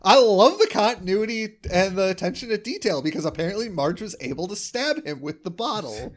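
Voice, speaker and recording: A man's voice: high voice, a little fast. A man co-hosting a podcast in casual chat, acting out quoted lines as he recaps a cartoon episode. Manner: animated, acts out quoted lines. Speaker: podcast co-host.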